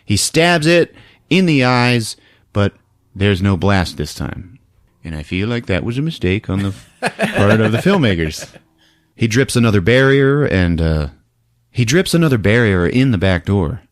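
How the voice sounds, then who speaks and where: A man hosting a podcast, casually recapping a film in an animated way, laughing often and acting out the lines. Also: lowish voice, measured pace, no echo, clean studio sound. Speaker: podcast host.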